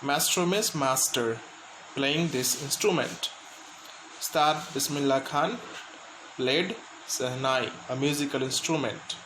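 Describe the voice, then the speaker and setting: An Indian-accented school teacher explains an English lesson slowly in a mid-range voice, pausing often to gloss words for his students. The room is echoey, and there's background noise.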